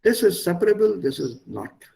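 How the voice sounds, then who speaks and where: A man's voice: high-pitched, big pitch swings, a little fast, vocal fry, mellow, husky, rough recording. A man teaching German in an online class, explaining patiently and repeating words and stresses for his learners. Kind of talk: online language lesson.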